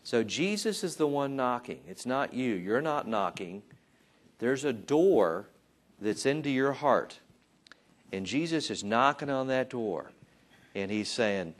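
A man's voice: medium pitch, lively intonation, measured pace. A man teaching from the Bible in an informal sermon, chatting, acting out voices and joking about himself. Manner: conversational, acts out voices and jokes about himself. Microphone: taped.

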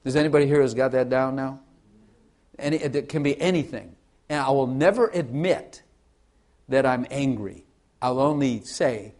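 A man's voice: medium pitch, normal speed, darkish tone. A man preaching a sermon in an earnest, conversational way, asking his listeners questions and often repeating and restarting his phrases. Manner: repeats and restarts phrases, varies volume widely.

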